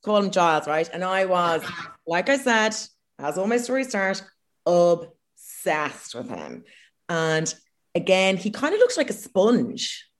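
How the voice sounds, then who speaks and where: A woman's voice: lowish voice, sing-song, slow pace. A young Irish woman co-hosting a podcast, telling a self-mocking story in a casual chat, swearing freely. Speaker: podcast co-host.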